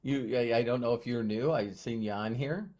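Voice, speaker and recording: A man's voice: medium pitch, normal speed, darkish tone. Male motivational streamer, casual, chatty, greets viewers by name. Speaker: motivational live-stream host. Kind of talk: casual live-stream talk. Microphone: phone.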